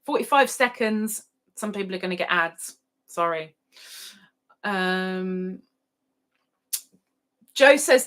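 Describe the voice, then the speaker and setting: A woman's voice: medium pitch, animated, takes it slowly, long pauses, a bit bright. A middle-aged woman hosting a livestream, casually chatting and reading out viewer comments with giggles. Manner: chatty, giggly, sings playfully. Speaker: livestream host.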